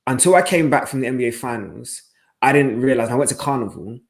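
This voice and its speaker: Brief: a passionate male presenter who talks fast and emphatically over a video call. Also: medium pitch, creaky. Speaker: panel guest, sports presenter. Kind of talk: webinar panel discussion.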